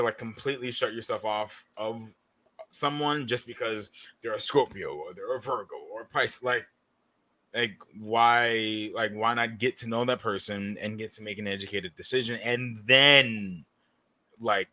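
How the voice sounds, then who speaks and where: On a casual podcast, a young co-host rambles loosely with plenty of fillers and a dryly sarcastic edge. His voice sits on the low side, bright and forceful, at normal speed.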